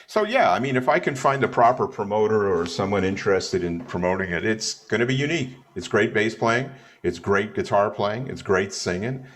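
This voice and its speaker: Brief: chatty male guest with a low-pitched voice, rambling joking anecdotes. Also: lively intonation, a bit bright. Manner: chatty, digressive, joking, does quick put-on voices in stories. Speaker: bassist guest. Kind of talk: casual storytelling interview.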